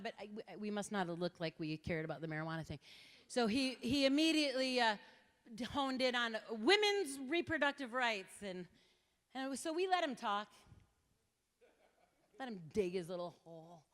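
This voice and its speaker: A woman giving an impassioned talk to an audience, telling stories with lively quoted voices. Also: medium pitch, moderate pace. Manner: animated storytelling with quoted voices. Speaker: speaker. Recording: reverberant hall.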